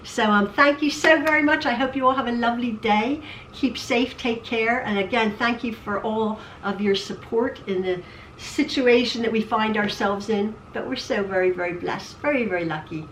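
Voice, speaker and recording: A woman's voice: a little high, moderate pace, a bit bright, recorded from a distance, slight background noise. A woman chatting casually in her home sewing room, rambling, repeating herself and stammering. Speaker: quilting vlogger. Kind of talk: casual chat. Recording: roomy, off-mic.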